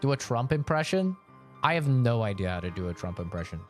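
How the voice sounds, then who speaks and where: A man's voice: mid-range voice, sing-song, a little fast, soft background music. A young man streaming a game, chatting casually with chat, joking, laughing and swearing freely. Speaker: gaming streamer. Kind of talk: casual live-stream chat, reading chat requests.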